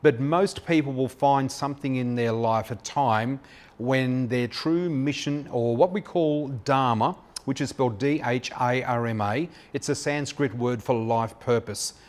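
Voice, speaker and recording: An Australian man in his fifties, a psychic flower reader telling his story in a chatty, anecdotal way with many filler pauses. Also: mid-range voice, darkish tone. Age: 50s. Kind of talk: personal storytelling monologue.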